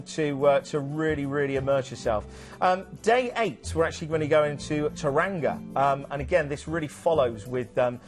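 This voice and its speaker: Man, cruise TV presenter, a bit high-voiced, chatty with lots of ums, music faintly behind. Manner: chatty, many ums and restarts. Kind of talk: enthusiastic travel sales chat.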